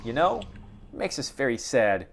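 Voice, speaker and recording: A man's voice: mid-range voice, moderate pace, gravelly. A man voicing an eager, simple-minded male guard spider who talks earnestly and boastfully. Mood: matter-of-fact. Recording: steady background noise.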